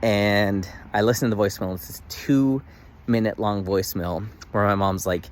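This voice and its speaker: A man in his thirties talking casually to the camera in a daily video diary, earnest and animated, full of "like" fillers. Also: lowish voice, moderate pace. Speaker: vlogger.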